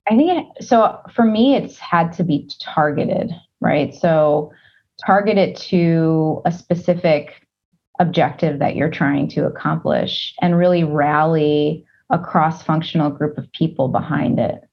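Low-voiced woman with a gravelly edge. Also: dull audio. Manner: thoughtful, measured, with frequent fillers. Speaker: interview guest, team leader. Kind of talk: casual interview.

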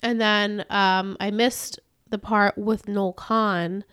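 Woman rambling through a show recap, smooth clear voice, dry close mic, laughs a lot. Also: medium pitch, little pitch movement, takes it slowly, a bit bright, dry recording. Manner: rambling, laughs often between thoughts. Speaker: podcast co-host. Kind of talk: casual chat recapping a TV episode.

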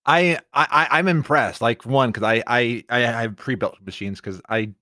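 A man's voice: mid-range voice, moderate pace, sharp tone, dry recording, clean studio sound. A man co-hosting a casual geek news show, often stammering and repeating words. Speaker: podcast co-host.

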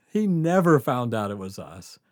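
A man's voice: medium pitch, big pitch swings, unhurried, no room sound, clean studio sound. A man telling a story in a casual podcast chat, profane, often laughing and saying "dude".

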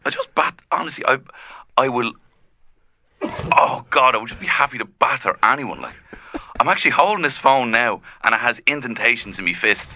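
A man's voice: medium pitch, expressive, normal speed, no echo. A man playing a brash, overwrought young caller who boasts he is hard. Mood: gruff. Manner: boastful, overwrought, swinging between shouting and mumbling. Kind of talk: improvised comedy.

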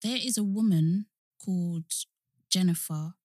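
A woman's voice: on the low side, measured pace, dark tone, dry recording, clean studio sound. A young woman co-hosting a podcast in casual chat, full of "like" and "you know". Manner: chatty, frequent "like" and "you know" fillers. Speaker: podcast co-host.

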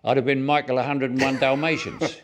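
A man's voice: medium pitch, steady tone, fairly quick, a crowd in the background. A man in his eighties with a Cockney accent, telling stories in a casual interview. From South London, England. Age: 80s. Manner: chatty storyteller, laughs at own jokes. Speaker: interviewee, actor.

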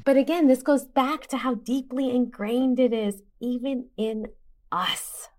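A woman in her forties, a podcast guest telling a personal story in a lively, animated way with quick asides. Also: high-pitched. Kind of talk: podcast conversation.

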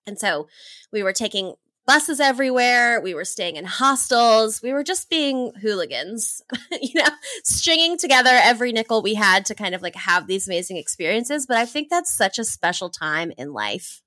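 A woman's voice: a little high, very animated, moderate pace, pushed and bright, no echo. A woman in her thirties from Hawaii, a guest telling travel stories with enthusiasm, laughing often and acting out her own past thoughts. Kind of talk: animated storytelling in an interview.

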